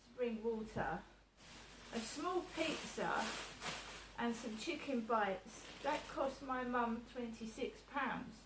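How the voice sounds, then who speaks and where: A woman's voice: fairly high pitch, slow, noisy background. A woman talking casually to camera in a personal vlog, chatty and repeating herself as she acts out what others said. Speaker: vlogger. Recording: echoey room, voice a little distant, faint background ambience.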